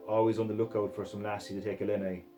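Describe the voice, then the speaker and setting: Guy doing a dodgy scottish accent, reading sweary gritty story, kinda low voice. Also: little pitch movement, fast talker, mellow, soft background music, rough recording. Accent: put-on Scottish. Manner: profane, aggressive, rough. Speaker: reader. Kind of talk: first-person narration of a crude, gritty novel.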